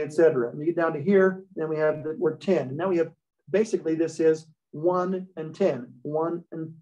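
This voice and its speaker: Higher-voiced man teaching a class. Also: a little mellow. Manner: explains step by step, checks in with "okay?". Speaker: Hebrew teacher. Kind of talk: classroom lecture. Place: class with students. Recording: dull lo-fi recording.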